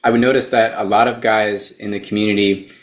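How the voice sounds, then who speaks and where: Low-voiced man explaining in a roomy space. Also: level tone. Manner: measured, explains step by step, uses fillers. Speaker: therapist and dating coach guest. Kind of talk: explanatory interview talk.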